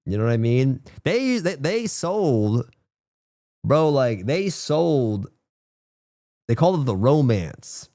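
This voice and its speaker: Dude streamer rambling to chat, swears a lot, says bro constantly, dry close mic. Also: male voice, medium pitch, very animated, takes it slowly, pauses often, mellow, no echo. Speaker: game streamer. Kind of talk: casual chat with viewers.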